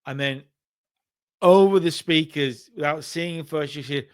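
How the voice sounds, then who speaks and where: Man, higher voice, casual chatty game narration, wrestling sim recap. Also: moderate pace, pauses often, darkish tone. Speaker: game commentator.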